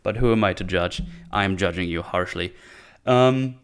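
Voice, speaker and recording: A man casually recapping a TV episode, sarcastic and swearing a lot, acting out characters in quick silly voices. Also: fairly low pitch, fairly even intonation, fairly bright tone, clean tone. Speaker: show host. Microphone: desk microphone on an arm.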